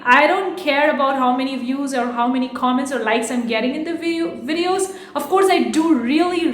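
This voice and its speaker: Woman, high voice, rapid talker, frank and defensive, echoey room. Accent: non-native English accent. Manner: fast-talking. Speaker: online business YouTuber. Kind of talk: casual talk to camera.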